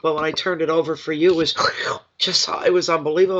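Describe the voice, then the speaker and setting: A man's voice: on the high side, little pitch movement, a little fast, fairly bright tone. A man with a runny nose from a cold, doing a chatty, rambling, emotional tarot reading on a live stream. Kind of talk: live card reading chat. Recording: dull lo-fi stream audio.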